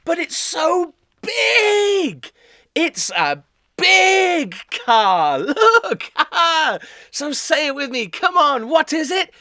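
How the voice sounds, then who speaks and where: A man presenting a children's show, talking in an exaggerated way and slowly repeating phrases for young viewers to say along. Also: very high-pitched, big pitch swings, pushed and bright, no room sound, studio quality.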